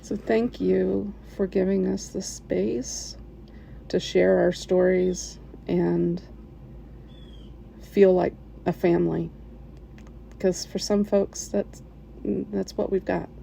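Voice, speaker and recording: A woman telling a personal story as a podcast listener, in an emotional, halting way with soft laughs. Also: lowish voice, little pitch movement, vocal fry, a little hiss or hum, low-quality recording.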